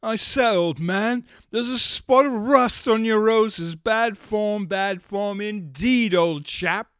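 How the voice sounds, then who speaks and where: A prim, upper-crust British gentleman with a plummy, tut-tutting delivery, as a podcast host puts him on, pitched well above a normal speaking voice and pushed out loud. His voice is smooth and ringing, and the recording is dry and close. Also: takes it slowly, no echo. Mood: disapproving. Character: posh fussy older British gentleman.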